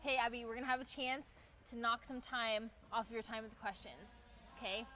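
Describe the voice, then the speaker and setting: A woman interviewing a tennis player in a quick-fire quiz segment, talking in a bubbly, encouraging way. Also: fairly high pitch, fairly even intonation, bright, forceful tone. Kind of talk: upbeat sports quiz segment.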